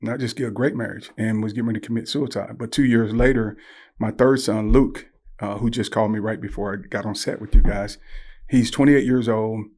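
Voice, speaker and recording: An older man, a guest on a podcast interview, telling animated stories and acting out the voices he quotes. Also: lowish voice, brisk. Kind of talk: conversational interview.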